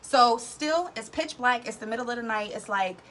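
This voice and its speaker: A woman telling a casual story, animated and slangy, often tagging lines with "right?". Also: on the high side, normal speed, slight background noise. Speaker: vlog storyteller.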